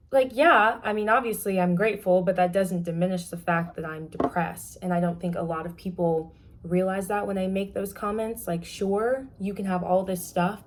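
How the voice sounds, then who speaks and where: A young woman giving a casual, candid class presentation, talking frankly with many fillers and often trailing off softly. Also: lowish voice, a little hiss or hum. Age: young adult. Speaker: student presenter.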